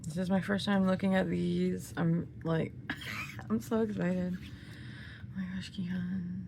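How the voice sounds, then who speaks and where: An excitable woman, chatting casually and gushing through an unboxing, often dropping into a half-whisper. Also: lowish voice, slow, vocal fry, background noise. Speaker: vlogger unboxing albums.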